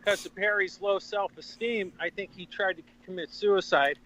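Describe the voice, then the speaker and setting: A man calls into a podcast on his phone while walking outside. His high, bright voice rambles along in a laid-back way. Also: fairly even intonation, normal speed, lo-fi sound, slight background noise. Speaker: guest calling in by phone video. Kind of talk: casual chat. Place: walking outdoors on a street.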